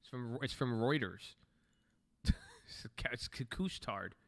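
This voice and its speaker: A man's voice: medium pitch, lively intonation, a little slow, vocal fry. A man giving loose, joking commentary while streaming live trades, often swearing and thinking aloud. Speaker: live stock-trading streamer.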